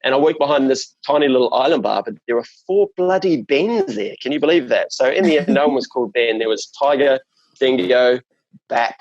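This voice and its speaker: A man's voice: mid-range voice, lively intonation, brisk, darkish tone, dry recording, dull audio. A man from New Zealand with a New Zealand accent, chatting as an interview guest in a rambling way, full of fillers and restarts. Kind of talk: casual chat.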